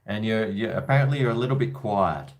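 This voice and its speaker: A man's voice: lowish voice, brisk. An Australian man from Brisbane hosting a casual call-in show, with jokey, blokey banter. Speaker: host of a call-in livestream.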